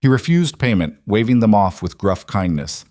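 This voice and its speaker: A man reading a romance story aloud in an even, measured narration, close on a dry mic. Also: fairly low pitch, no echo.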